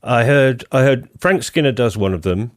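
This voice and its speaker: A man hosting a podcast in casual chat, lively and jumping up in pitch to make a point. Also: moderate pace. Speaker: podcast host.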